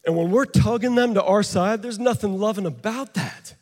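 A man preaching to an audience with a handheld mic, animated and joking, sometimes out of breath. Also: sits high, moderate pace. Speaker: pastor. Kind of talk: sermon with live demonstration. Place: large hall with an audience. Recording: long hall reverb.

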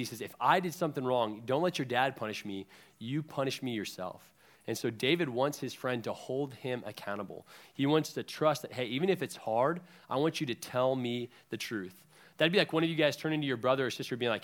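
A man's voice: medium pitch, fairly quick. A young man giving a casual sermon to a youth group, chatty and full of ums, retelling scripture in everyday words. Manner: conversational, frequent ums, lively retellings of scripture.

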